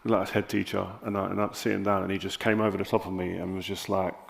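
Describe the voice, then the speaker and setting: A man with a South London accent, an interview guest telling candid stories on stage with animated, lively quoted dialogue. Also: deep voice, quick pace, vocal fry. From South London, England.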